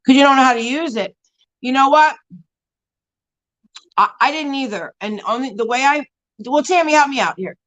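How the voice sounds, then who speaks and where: A woman's voice: high voice, normal speed, pauses often, fairly bright tone, poor audio. A woman hosting a casual beauty live stream, chatting and answering viewers in a rambling way full of fillers and frequent laughs. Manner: laughs often while talking.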